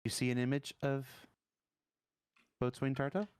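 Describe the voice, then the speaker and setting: A man narrating a tabletop game as dungeon master, halting and searching for words. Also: mid-range voice, steady tone, a little mellow, smooth, no room sound.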